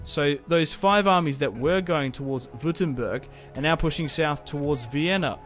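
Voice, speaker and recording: A young man giving casual, rambling game commentary, self-mocking and prone to sudden excited outbursts. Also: on the high side, normal speed. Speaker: gaming YouTuber. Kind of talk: casual Let's Play commentary. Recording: game music playing faintly behind.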